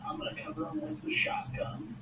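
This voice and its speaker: A man playing in a tabletop game, making jokes and wisecracks. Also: a little fast. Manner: joking, wisecracking. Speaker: player. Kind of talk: casual tabletop game chat. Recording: echoey room, distant mic, background noise.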